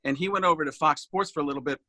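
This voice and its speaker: Male impressionist guest, casual storyteller, bright tone, somewhat high. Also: racing, no room sound. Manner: animated storyteller, slips into voices. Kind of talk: casual chat. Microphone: video call.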